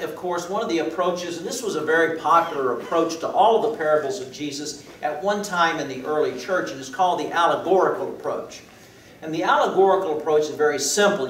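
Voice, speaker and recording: Pastor preaching in an echoey church. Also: male voice, a little high, fairly bright tone, distant mic, slight background noise. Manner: explanatory, with frequent hesitations. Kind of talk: sermon. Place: church sanctuary.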